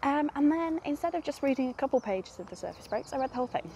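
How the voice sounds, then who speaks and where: A woman's voice: sits high, expressive, fast, mellow, slight background noise. A young woman talking casually to camera as a book vlogger, chatty and self-deprecating, often rambling. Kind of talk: casual vlog chat.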